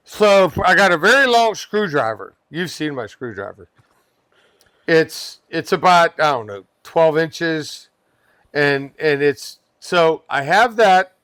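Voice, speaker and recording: A man's voice: a little high, fairly bright tone, dry recording. A pest control worker, a man, telling a wild work story on a comedy podcast, swearing freely and laughing as he goes. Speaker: podcast guest. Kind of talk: animated storytelling.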